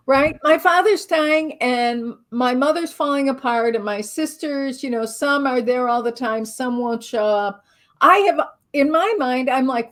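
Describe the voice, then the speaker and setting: Here a middle-aged woman, an author and spiritual teacher, takes her time with a high-pitched voice. As a guest in an interview, she pokes fun at herself in a lively anecdote, dramatizing what went through her head.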